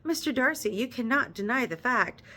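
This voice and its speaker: A bright-spirited young lady of the gentry, arch and teasing, voiced by a woman reading a classic novel aloud. She speaks in a light, slightly raised, playful tone. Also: fairly high pitch, expressive, normal speed, pitched above the performer's own voice.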